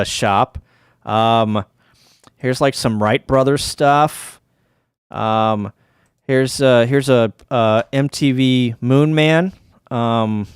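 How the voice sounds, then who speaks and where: A man's voice: fairly low pitch, clear, resonant tone, no room sound, clean studio sound. A middle-aged man hosting a casual livestream, tired and rambling, with lots of ums, restarts and wry asides. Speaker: ham radio livestream host.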